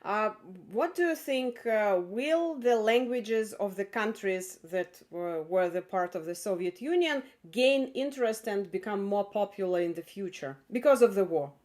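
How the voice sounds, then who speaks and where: A woman with a Russian accent, a native Russian speaker, asking measured interview questions with frequent pauses. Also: mid-range voice, lively intonation, darkish tone. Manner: measured, hesitant with "uh".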